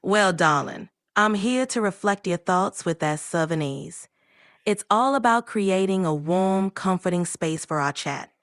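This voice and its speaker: An AI voice playing a slow, warm Southern woman on a lazy afternoon, with a Southern accent and sweet endearments. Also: on the low side, lively intonation, no room sound, clean studio sound. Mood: soothing. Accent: American Southern.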